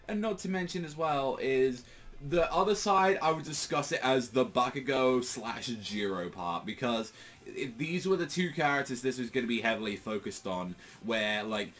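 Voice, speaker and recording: A man's voice: medium pitch, lively intonation, moderate pace, fairly bright tone. Rambling, profane male manga reviewer. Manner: rambling, heavy filler words, profane. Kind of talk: casual review monologue.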